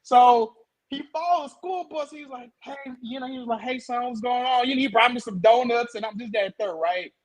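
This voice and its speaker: Young man, very high voice, animated casual storytelling, stutters and repeats. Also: a little fast, low-quality recording.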